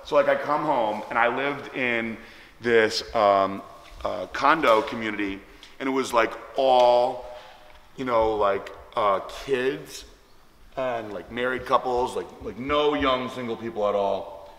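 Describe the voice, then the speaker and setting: In an echoey room where sound lingers, a man hosting a vlog tells a meandering story at a measured pace. His medium-pitched voice is a bit bright, and he leans heavily on likes and ums.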